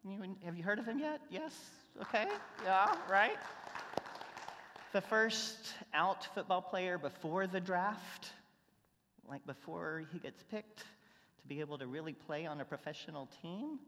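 A preacher delivers a sermon in a church sanctuary at an ordinary middle pitch. Long reverb from the hall trails each phrase. The delivery is conversational and story-driven, dropping to a near hush and then rising to emphatic points. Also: animated, measured pace. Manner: conversational storytelling, swinging between hushed and emphatic. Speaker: pastor.

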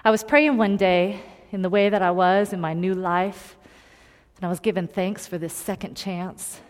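A woman preaching a personal story in a sermon, earnest and confiding, moving between loud emphasis and hushed tones. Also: medium pitch, normal speed. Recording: long hall reverb.

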